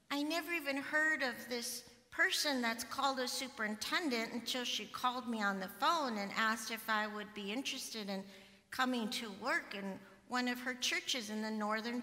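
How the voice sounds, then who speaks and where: A woman pastor in her middle years, preaching in a relaxed storytelling way. Her voice is bright and rather high for a woman. A long church reverb trails after every phrase. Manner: personal storytelling, conversational and animated. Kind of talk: sermon. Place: church sanctuary.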